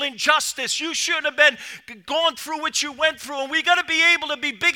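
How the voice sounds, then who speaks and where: A middle-aged man preaching a sermon as pastor, dropping to a hush and then rising to loud cries, with quick repeated restarts. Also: very high-pitched. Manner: swings from hushed to loud preaching.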